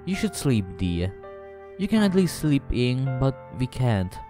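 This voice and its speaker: A man voicing a gentle, caring middle-aged mother in a story reading, speaking softly and soothingly. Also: mid-range voice, big pitch swings, a little slow, over music, pitched above the performer's own voice. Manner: soft, soothing, affectionate. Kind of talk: fan mod story reading.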